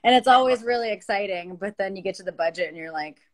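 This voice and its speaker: A woman's voice: mid-range voice, fast talker. A woman co-hosting a casual live stream from her phone, telling stories with frequent laughter. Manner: chatty, laughs often while storytelling. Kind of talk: casual chat.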